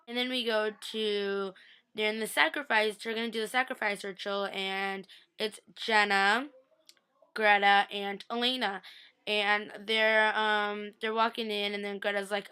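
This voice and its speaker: A woman with a bright, crisp voice gushes through a casual TV recap. She talks in slang and with strong feeling. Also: medium pitch, steady tone, moderate pace. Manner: gushing, emotional, slangy. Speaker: vlogger.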